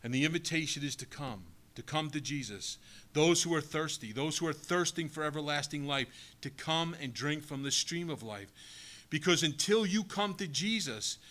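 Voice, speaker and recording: A man's voice: a little high, animated, moderate pace, sharp tone. A male pastor giving a sermon, preaching emphatically and asking the congregation rhetorical questions.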